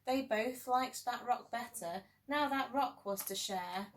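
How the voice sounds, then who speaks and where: A woman teacher reading a rhyming picture book aloud in a gentle, sing-song storytelling way with playful emphasis. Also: fairly high pitch, measured pace, slight background noise.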